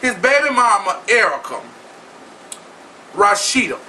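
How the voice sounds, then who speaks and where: A man's voice: high voice, sing-song, measured pace, pushed and bright. A man vlogging in a sassy, profane and flamboyant style of casual gossip commentary. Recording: distant mic with faint noise.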